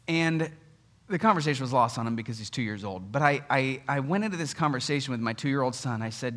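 A man in his thirties, a pastor giving a sermon in an animated, conversational way, telling stories with humor. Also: mid-range voice, fast.

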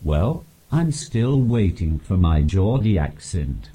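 A man speaking through a synthetic computer voice, delivering prepared jokes in a deadpan way as a comedy guest. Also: deep voice, slow pace, slight background noise. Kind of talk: deadpan text-to-speech jokes.

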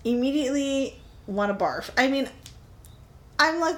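A woman co-hosting a casual podcast chat, animated and laughing often as she talks through a horror film. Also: high voice, measured pace, pauses often. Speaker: podcast co-host.

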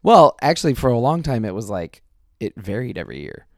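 Gravelly man rambling in chat. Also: mid-range voice, huge pitch swings, fairly quick, darkish tone, dry recording, studio quality. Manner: rambling, restarts often, enthusiastic. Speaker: podcast co-host. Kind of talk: casual chat.

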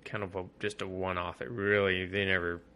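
A man co-hosting a comics podcast, talking in relaxed, profane casual chat that sometimes drops to a mumble. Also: low-pitched, fairly quick, clear, resonant tone. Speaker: podcast co-host.

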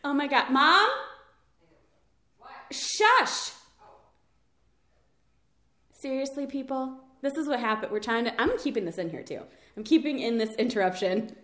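A woman's voice: on the high side, fairly quick. A woman hosting a podcast in casual chat, laughing often and slipping into impressions, recording at a coffee shop. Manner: giggly, animated, does impressions. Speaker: podcast host. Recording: echoey room.

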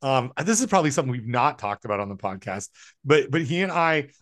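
A man from the American South co-hosting a casual podcast chat, rambling and self-deprecating, quick to laugh. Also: medium pitch, very animated, a bit bright, dry recording, studio quality. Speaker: podcast co-host.

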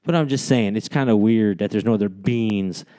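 Mellow smooth-voiced man in casual banter. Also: on the low side, normal speed. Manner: swears a lot, argues a point stubbornly.

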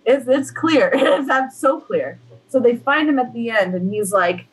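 Young female co-host, higher voice, loose sweary movie recap with quick character impressions. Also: lively intonation, husky, low-quality recording. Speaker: podcast co-host. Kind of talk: casual movie recap chat.

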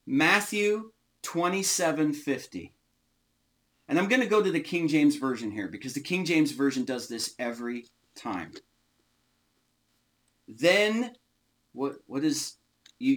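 Man, Bible study teacher, slow unhurried delivery, emphatic, stresses key words. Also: fairly high pitch, expressive, a bit bright.

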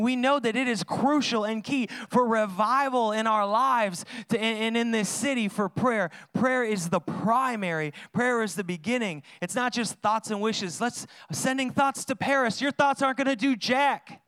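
A man preaching a sermon in a conversational, energetic way, with sudden loud emphases. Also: extremely high pitch, smooth, no echo. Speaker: pastor.

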